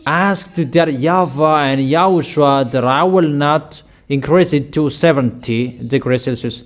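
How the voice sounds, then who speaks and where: Slow, emphatic male preacher. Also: a little high. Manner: emphatic, declaiming, repeating commands. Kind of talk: sermon.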